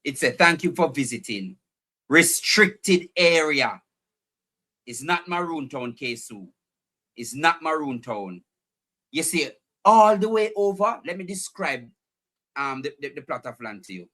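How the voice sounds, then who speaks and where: A man's voice: a little high, moderate pace. A man with a Jamaican accent hosting a live stream, chatting animatedly to his viewers and repeating his points. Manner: animated, repeats phrases, talks directly to chat viewers. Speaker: livestream host.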